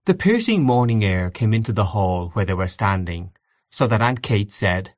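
A man narrating classic fiction in a measured, expressive audiobook reading. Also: fairly low pitch, no echo, clean studio sound.

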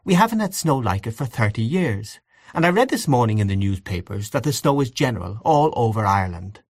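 A man reading aloud, voicing an eager, teasing young woman with high, excited exclamations. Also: brisk, no room sound, studio quality. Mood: chatty.

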